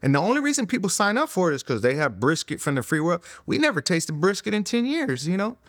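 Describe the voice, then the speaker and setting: A middle-aged man telling his testimony in an interview, earnest and conversational, full of "you know" fillers and dropping to a hush at emotional moments. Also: high-pitched, very animated, quick pace, no room sound, studio quality. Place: recorded interview in a studio room.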